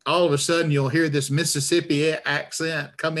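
A man's voice: fairly high pitch, moderate pace, hardly any pauses, fairly bright tone. Male author with a northern Alabama accent, stammering, self-deprecating, over a video call. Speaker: author guest. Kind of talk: conversational interview.

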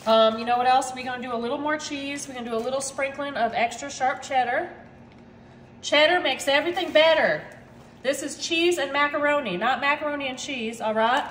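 Upbeat and chatty, this home cook keeps dropping "y'all" as she films a casual cooking video in her kitchen. She has a high, fairly bright voice and talks fairly quickly; the room is echoey, with a little hiss or hum.

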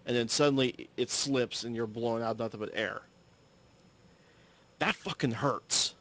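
Man, average pitch, offhand personal storytelling, rambling, self-correcting, occasional swearing. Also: a little slow, fairly bright tone. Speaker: solo podcaster. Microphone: audio-only recording, no camera.

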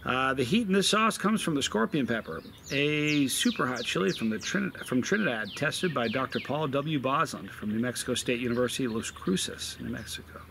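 A man with a gravelly, medium-pitched, slightly bright voice rambles expressively at a normal speed through a casual hot sauce review, using plenty of fillers. He's filming outside in a desert backyard where birds can be heard, with slight background noise.

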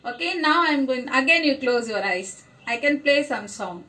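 A woman teacher giving an online lesson to young children, slow and encouraging, praising each answer. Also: high voice, expressive, bright, forceful tone. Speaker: primary school teacher.

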